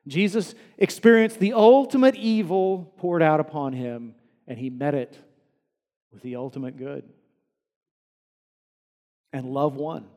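A man preaching a sermon as pastor, earnest, climbing to emphatic peaks and dropping soft again. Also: a little high, big-room sound.

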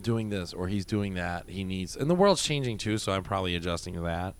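A man's voice: sits low, fairly quick. Profane storytelling ex-bouncer man. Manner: profane, animated, acts out quotes. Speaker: former nightclub bouncer. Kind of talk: casual podcast storytelling.

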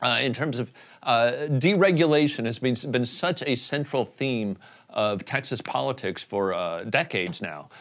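A man hosting a comedic interview, jokey and halting, full of restarts and fillers. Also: mid-range voice, fairly bright tone. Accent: Indiana. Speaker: comedian host.

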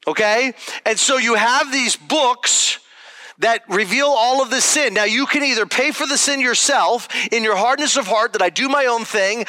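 A man's voice: very high-pitched, bright, forceful tone, no echo. A pastor preaching a sermon to his congregation in a conversational, emphatic way, often checking in with "okay?".

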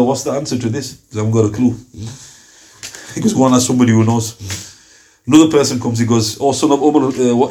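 A man's voice: a little high, a little mellow. A man giving a religious lecture on early Islamic scholars, telling stories with quoted dialogue. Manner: storytelling with acted-out quotes.

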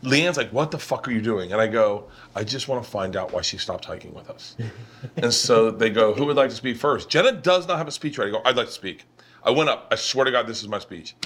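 A man's voice: mid-range voice, brisk. Middle-aged male host, comic storyteller, swears freely and acts out the other voices in his tales. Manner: animated, profane, acts out others' lines. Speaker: podcast host. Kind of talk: comic storytelling in casual chat. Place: home kitchen.

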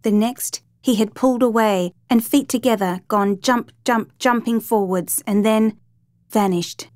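A woman narrating a true rescue story in a measured, dramatic reading. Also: on the high side, a little mellow, no echo, studio quality.

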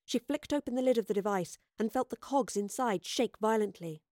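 A woman reading an audiobook as the narrator, with steady, measured storytelling. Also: on the high side, no echo, clean studio sound. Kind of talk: scripted narration.

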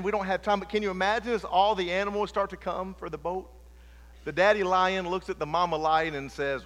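Middle-aged male preacher, high voice, impassioned sermon delivery with loud-to-hushed swings, long church-hall reverb. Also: steady tone, a little fast. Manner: impassioned, swings between loud emphatic lines and hushed low ones. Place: church sanctuary.

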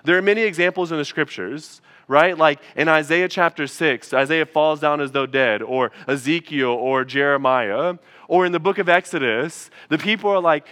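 A young man preaching with a bright, forward tone that sits a little higher than most men's voices. He keeps it conversational and emphatic, talking to his congregation like friends. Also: normal speed. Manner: conversational, emphatic, addresses listeners as y'all. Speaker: pastor. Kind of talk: sermon.

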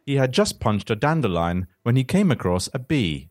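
A man's voice: medium pitch, very animated, moderate pace, no room sound, studio quality. A man hosting a comedy chat who reads his own silly story aloud and laughs often.

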